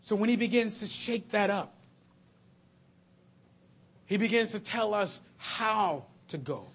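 A man preaching a sermon to his congregation, animated, laughing and shouting at times. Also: sits high, slow, creaky, breathy edge. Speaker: pastor. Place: church sanctuary.

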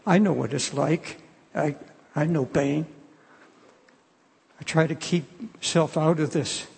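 A man's voice: on the high side, steady tone, slow, gravelly, a little mellow, slightly rough. An older man preaching a sermon in an earnest, pleading way, often restarting his phrases. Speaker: pastor. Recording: long hall reverb.

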